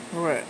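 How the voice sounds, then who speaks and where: A middle-aged woman babysitting her toddler grandsons at home, teasing them in playful baby talk, laughing often in a sing-song way. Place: home, indoors. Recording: steady air-conditioner hum behind.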